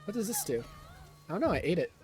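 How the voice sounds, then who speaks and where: A man's voice: high-pitched, huge pitch swings, fast, a little mellow. A man streaming a game live, thinking aloud in a sarcastic, profane, casual way. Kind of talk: casual live gameplay commentary.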